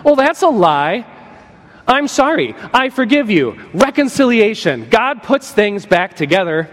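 A man preaching an animated sermon as a pastor, playful and joking, acting out little voices as he tells the story. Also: high-pitched, moderate pace. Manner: playful, acts out voices and jokes. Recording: long hall reverb.

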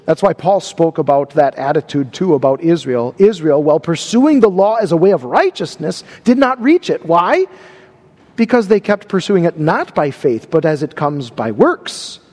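A man's voice: fairly high pitch, very animated, moderate pace, a little mellow, in a large hall. A man preaching a sermon, stressing and repeating key words. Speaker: pastor.

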